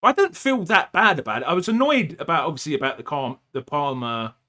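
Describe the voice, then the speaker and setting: A middle-aged man from the United Kingdom co-hosting a podcast stream, chatting in an animated, jokey way and often talking over his co-host. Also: fairly high pitch, fast talker. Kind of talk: casual chat on a live stream.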